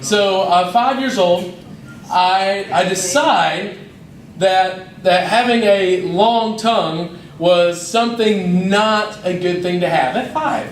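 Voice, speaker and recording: A young man, a youth minister telling lively, self-mocking stories to a youth service. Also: high voice, slow pace, a little hiss or hum. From North Georgia, USA. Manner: lively, self-mocking storyteller who acts out scenes. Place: church hall. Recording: roomy hall, mic at a distance.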